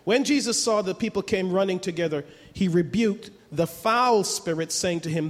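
High-voiced man preaching in a hall. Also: normal speed, hardly any pauses. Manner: emphatic, rhetorical questions, repeats words. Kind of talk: sermon. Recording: long hall reverb.

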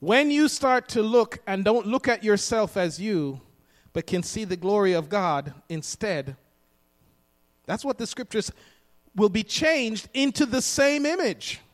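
Male preacher, sermon, high voice, emphatic delivery, booming hall reverb. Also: lively intonation, a little slow. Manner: emphatic, repeats lines for the congregation to echo.

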